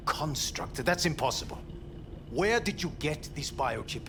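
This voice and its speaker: An actor playing a cold, clinical older male scientist in a video game, speaking in a measured, formal and detached way. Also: on the high side, animated, creaky, background noise. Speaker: game character.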